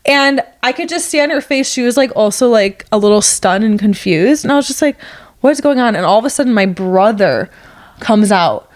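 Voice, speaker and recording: A woman's voice: a little high, animated, fairly quick. Chatty young woman telling a story. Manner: chatty, filler-heavy, acts out quotes. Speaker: podcast co-host. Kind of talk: casual storytelling chat.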